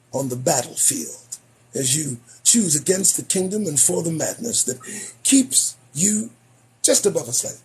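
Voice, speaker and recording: A man hosting a podcast, losing his voice, delivering an emphatic, preachy commentary monologue that swings between loud declarations and muttered asides. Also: high-pitched. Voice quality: husky. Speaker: podcast host.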